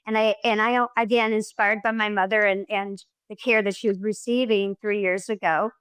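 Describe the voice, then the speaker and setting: Speaking at medium pitch and normal speed, this middle-aged woman has a smooth voice, captured in a rough recording without echo. She's a filmmaker guest in a conversational interview, animatedly acting out quotes with lots of restarts.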